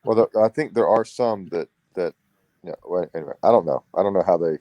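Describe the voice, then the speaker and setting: Deep mellow guy in a chill podcast chat, kinda rambly, dry sound. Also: a little fast, no echo, highs cut off. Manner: rambling, hesitant, many restarts. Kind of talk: casual chat.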